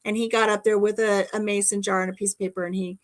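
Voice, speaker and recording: A woman's voice: mid-range voice, flat delivery, fast. A middle-aged woman hosting a casual chat, telling stories animatedly with shrieks, whispers and laughter. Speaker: channel host.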